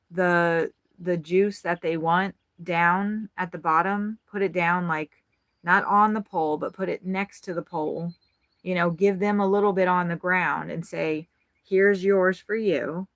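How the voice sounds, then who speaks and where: A woman's voice: lowish voice, steady tone, a little slow, fairly bright tone, no room sound, clean studio sound. A woman vlogger giving a rambling, frank tour of her RV, chatting casually and swearing freely. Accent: Midwestern American. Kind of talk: casual chat. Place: inside an RV.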